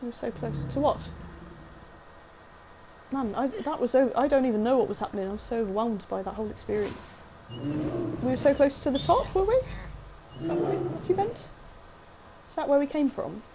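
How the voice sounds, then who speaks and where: Young woman, sore throat, excitable, swears a lot, high pitched, noisy room. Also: moderate pace, pauses often. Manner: excitable, swears often, talks to the game creature. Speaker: game streamer. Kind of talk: let's-play commentary.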